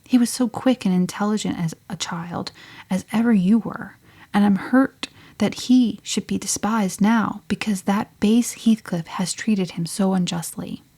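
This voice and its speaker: A woman voicing a kindly older housekeeper who earnestly and gently reproves a girl, in an audiobook. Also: medium pitch, measured pace, husky. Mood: gently reproving. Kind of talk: audiobook reading.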